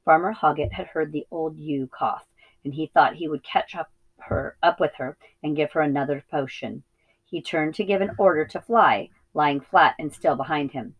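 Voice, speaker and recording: Low-voiced woman reading a story aloud. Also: moderate pace, husky, dull audio. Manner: steady reading with small slips and self-corrections. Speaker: reading teacher.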